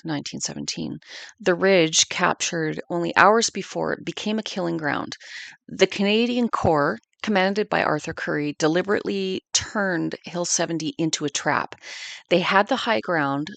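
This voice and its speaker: A woman's voice: on the low side, vocal fry, a bit bright, no echo. A woman in her fifties narrating a family war history in an earnest, reflective way. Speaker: podcast narrator.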